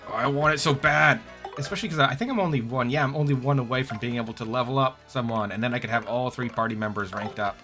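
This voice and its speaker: A man's voice: mid-range voice, racing, hardly any pauses, fairly bright tone, faint music behind. A man casually commenting while he plays a video game, chatty and self-mocking. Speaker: game streamer.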